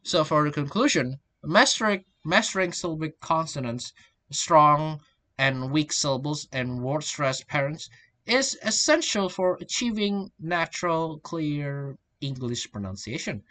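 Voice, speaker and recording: A young man presents a pronunciation lesson as a student. He reads at an unhurried, deliberate pace in a bright, forward tone. He often restarts and repeats words as he goes. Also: fairly high pitch, very animated. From Indonesia. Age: young adult. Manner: halting, restarts and repeats words while reading.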